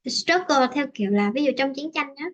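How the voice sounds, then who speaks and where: A woman's voice: high-pitched, expressive, brisk, a bit bright. A woman with a Vietnamese accent teaching an English lesson, switching between Vietnamese and English and explaining with many fillers and restarts.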